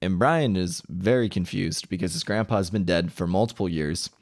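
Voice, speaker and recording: A man's voice: low voice, moderate pace, no echo, clean studio sound. A man casually retelling a story from a book, rambling and correcting himself as he acts out quoted dialogue.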